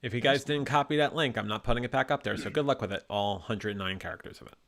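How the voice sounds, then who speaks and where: A man's voice: medium pitch, fast talker, a bit bright. A man hosting a casual live stream, joking with his co-hosts and reading out viewers' chat comments. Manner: jokey, reads out chat comments. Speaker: host.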